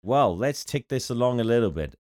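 A man's voice: mid-range voice, animated, a little fast, darkish tone, no room sound, clean studio sound. A man co-hosting a comedy podcast, amused and easygoing, reading passages aloud. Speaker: podcast co-host.

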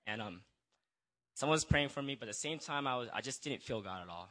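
Nervous young man with a bright voice. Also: medium pitch, lively intonation, fast. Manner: nervous and hesitant, full of restarts and apologies. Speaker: church member giving a testimony. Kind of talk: personal testimony. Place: church gathering. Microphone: handheld microphone.

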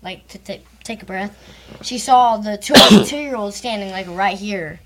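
A woman's voice: mid-range voice, unhurried, a little hiss or hum. A young woman from Texas, co-hosting a podcast and retelling a story in casual chat, with lots of fillers. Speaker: podcast co-host, host's daughter.

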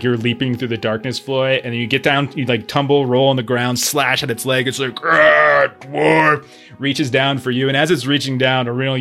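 A man's voice: mid-range voice, a bit bright. Man running a tabletop game, casual. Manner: casual, rambling, with many fillers. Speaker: game master.

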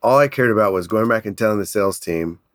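A man telling a business story in an energetic, animated way, laughing often. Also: lowish voice, fast, dry recording, studio quality. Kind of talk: casual storytelling.

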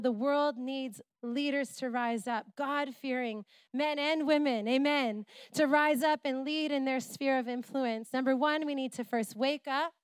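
A middle-aged woman preaching a sermon in church, retelling a story with playful asides and animated energy. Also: high voice, smooth, dry recording. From Canada.

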